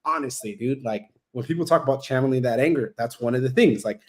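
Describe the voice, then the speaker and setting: A man talking as a guest on a podcast, blunt and animated, swearing constantly and acting out the voices of people in his stories. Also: medium pitch, fast. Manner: heavy swearing, blunt and animated, acts out quoted exchanges. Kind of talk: casual podcast conversation.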